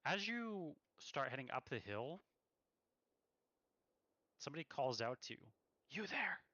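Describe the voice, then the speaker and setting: A man's voice: mid-range voice, very animated, a little slow, fairly bright tone, no room sound, dull audio. A man running a tabletop game as game master, describing scenes with many fillers.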